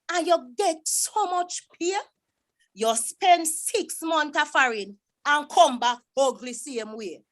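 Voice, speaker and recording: A woman reciting a dialect poem as a proud, exasperated Jamaican mother scolding her son, in a sharp, reproachful voice. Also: very high voice, pitched above the performer's own voice, full character voice.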